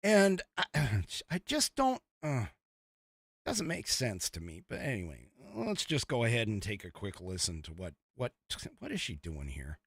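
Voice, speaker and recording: Animated man hosting a podcast. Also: fairly low pitch, measured pace, husky, dry recording. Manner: animated, rambling, with chuckles. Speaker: podcast host. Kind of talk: casual political commentary.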